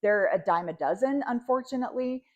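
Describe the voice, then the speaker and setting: A woman co-hosting a podcast, reacting to a reality show with animated, indignant, exasperated commentary. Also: a little high, a little fast, lo-fi sound. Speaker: podcast co-host.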